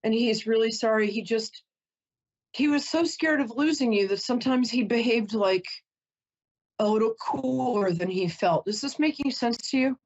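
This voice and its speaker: Emotional chatty psychic woman, husky. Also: a little high, moderate pace, a little mellow, muffled recording. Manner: emotional, chatty, apologetic, tearing up. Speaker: psychic host. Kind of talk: psychic reading for a caller.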